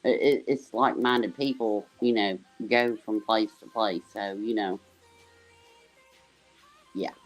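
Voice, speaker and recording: A woman's voice: a bass voice, steady tone, slow pace, long pauses, faint music behind. Rambling woman guest on a livestream. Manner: rambling, full of "you know" fillers. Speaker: panel guest. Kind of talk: casual livestream chat.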